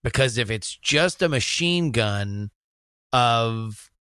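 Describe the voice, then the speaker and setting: A man judging on a podcast, giving critique in a measured, deliberate way. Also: medium pitch, bright, forceful tone, dry recording. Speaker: judge.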